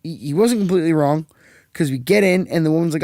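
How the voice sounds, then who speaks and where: A man's voice: a little high, quick pace, darkish tone, dry recording, clean studio sound. A young man hosting a casual podcast, a profane, rambling storyteller who acts out the quotes. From Canada. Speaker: podcast host.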